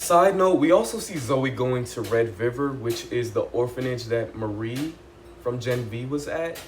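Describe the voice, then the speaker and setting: Casting: young adult man, mid-range voice, excitable and chatty, casual TV recap. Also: medium pitch, a little hiss or hum. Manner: excitable, animated, chatty with lots of "like" and "y'all". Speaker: TV recap vlogger.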